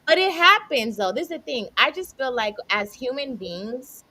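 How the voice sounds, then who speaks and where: A woman's voice: sits high, sing-song, normal speed, sharp tone. A woman on a talk show panel, thinking aloud in a casual, hedging way.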